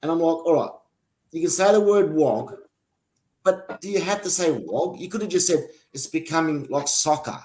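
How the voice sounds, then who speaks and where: A man from Australia with an Australian accent, co-hosting a sports show and telling stories in casual, animated banter. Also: fairly high pitch, moderate pace. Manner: animated storytelling, defensive. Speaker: podcast co-host.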